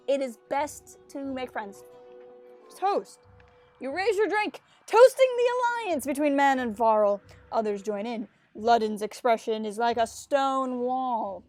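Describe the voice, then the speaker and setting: A woman on a casual gameplay stream, reading the story text aloud and slipping into playful voices for the characters between chatty asides. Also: a little high. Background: faint game music.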